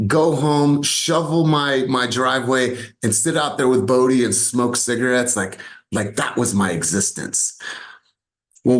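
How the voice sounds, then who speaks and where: A middle-aged man, a sales coach, telling a personal story to a coaching group in an earnest, emphatic way, repeating key phrases for weight. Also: mid-range voice.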